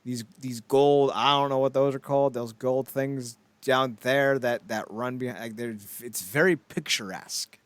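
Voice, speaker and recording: A man co-hosts a loose wrestling news podcast in an ordinary middle-pitched voice. He rambles, swears freely and pokes fun at himself mid-sentence. The sound is dry and close, with no room echo. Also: fairly even intonation, normal speed, few pauses. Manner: rambling, profane, self-mocking asides. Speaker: podcast co-host. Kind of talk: casual wrestling news chat.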